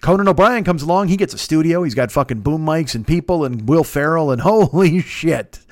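A man's voice: fairly high pitch, lively intonation, fairly quick, no room sound, clean studio sound. Rambling, profane man on a podcast. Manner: profane, rambling, self-mocking, restarts mid-sentence. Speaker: podcast host. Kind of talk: casual rambling plugs and ad reads. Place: desk in his apartment. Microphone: desk microphone.

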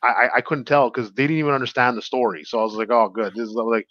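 A man's voice: medium pitch, fast, fairly bright tone, no room sound, highs cut off. A man, a stand-up comedian guest, telling stories in a casual interview, rambling with fillers and restarts.

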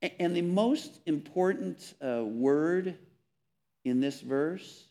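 A man preaching a sermon, earnest and emphatic, repeating words and dropping softly on key phrases. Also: a little high, slow pace. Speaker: pastor.

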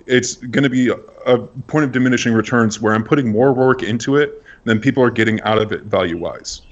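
A man's voice: mid-range voice, brisk. A man, a guest creator, chatting casually and candidly on a panel. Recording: dull lo-fi audio.

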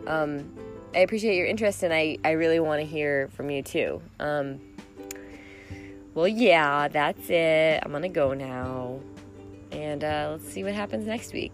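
A woman's voice: sits low, unhurried. A woman hosting a solo podcast, talking in a rambling, reflective way and laughing often. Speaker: podcast host. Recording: music playing behind.

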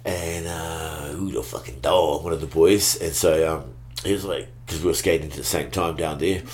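A man with a very low, deep voice tells stories as a podcast guest. He talks in loose, laid-back slang, often trailing off and restarting his sentences. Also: steady tone, normal speed, a little mellow. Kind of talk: casual storytelling chat.

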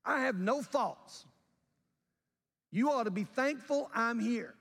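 A man preaching, voicing a pompous rich young man who boasts loudly of his own goodness. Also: very high-pitched, animated, slow pace, gravelly, long reverb tail, voice pushed up, exaggerated voice. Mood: boastful.

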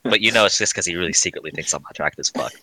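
Wisecracking young man with a low bright voice. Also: racing, rough recording. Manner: teasing, wisecracking. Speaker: podcast co-host. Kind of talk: casual chat.

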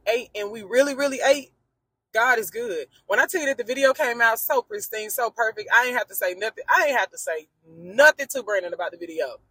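Woman podcast host, fairly high for her range, husky, dry close sound, emphatic faith-based chat from her car. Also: fairly bright tone, dry recording. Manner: emphatic, preachy, chatty, addresses listeners as friend and y'all.

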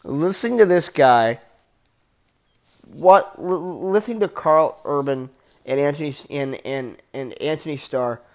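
A man's voice: fairly high pitch, unhurried. A man giving a casual, enthusiastic TV show review, rambling with frequent restarts and casual swearing.

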